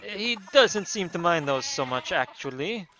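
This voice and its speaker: A man's voice: on the high side, lively intonation, measured pace, sharp tone, slight background noise, voice pushed up. A man voicing a friendly, chatty middle-aged printer in a put-on New York accent, easygoing in his banter.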